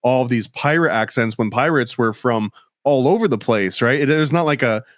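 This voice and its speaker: A young adult man co-hosting a podcast, talking with enthusiasm and filling pauses with "like" and "um". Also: mid-range voice, no echo, studio quality. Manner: enthusiastic, fills with "like" and "um". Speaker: podcast co-host. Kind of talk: casual chat.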